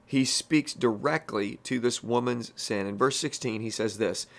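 In a conversational Bible-teaching podcast, a man with a medium-pitched, unhurried, creaky voice works through a passage. His style is plain and folksy, peppered with casual asides.

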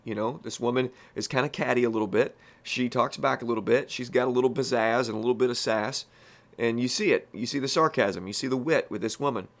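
Talking fast in a mid-range voice, a man hosts a Bible-teaching podcast in a conversational tone. He keeps it folksy and plain-spoken, slipping in casual asides while going through the text.

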